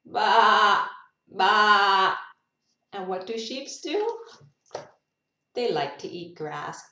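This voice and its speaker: A woman's voice: mid-range voice, wildly swooping pitch, slow, a little mellow. Playful woman teacher reading animal book. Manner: playful, making animal noises between lines; spontaneous and unrehearsed, with laughs and musing asides. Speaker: English teacher. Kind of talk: reading a picture book aloud to children. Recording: roomy echo, voice from a distance.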